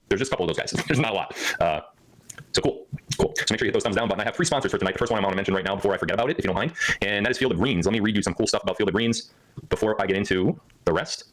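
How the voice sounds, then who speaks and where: Man, livestream host, rapid-fire talk, slightly low voice, jokey. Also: poor audio. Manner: hyper, joking, laughs often. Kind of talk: rambling livestream chat.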